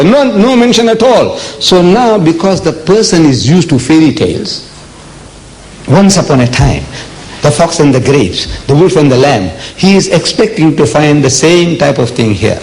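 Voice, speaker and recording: An older man from South Africa giving a public religious lecture, emphatic and deliberate, with rhetorical questions to the audience. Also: sits high, a little mellow, rough recording. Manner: slow, deliberate delivery with dramatic pauses.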